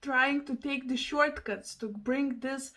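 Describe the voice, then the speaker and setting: A young woman from Lithuania, a non-native English speaker, chatting excitedly to camera in a casual vlog, laughing and exclaiming to her viewers. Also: high-pitched, slow. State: out of breath. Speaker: vlogger.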